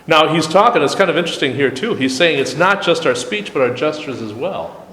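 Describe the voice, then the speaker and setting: A man's voice: a little high, expressive, fairly quick, fairly bright tone, slight background noise. Conversational man teaching in echoey room. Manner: conversational, frequent restarts, quotes texts aloud. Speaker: deacon leading a study group. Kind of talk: casual teaching discussion. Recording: echoey room with long reverb.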